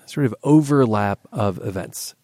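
Measured male radio host, dry sound. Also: lowish voice, animated, warm tone, no echo. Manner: measured, asking probing questions. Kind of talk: interview.

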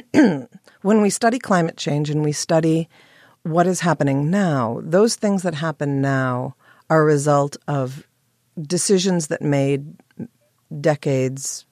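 A woman playwright, hoarse with morning voice, clearing her throat and answering interview questions thoughtfully with pauses and restarts. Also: deep voice, darkish tone, no room sound, clean studio sound. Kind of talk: interview guest.

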